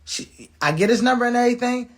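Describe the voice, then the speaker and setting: A man's voice: extremely high pitch, expressive, fast. A man telling viewers a personal story in a blunt, profane way, restarting his words and acting out what people said. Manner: blunt, profane, acts out quoted dialogue; repeats and restarts words often.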